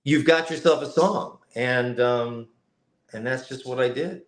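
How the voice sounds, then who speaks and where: A man's voice: medium pitch, measured pace. A man from Cleveland, Ohio, a guest voice actor on a casual live-stream interview over a video call from home, explaining things reflectively with many fillers. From Cleveland, Ohio, USA. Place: home setup with a lighting kit. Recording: roomy echo.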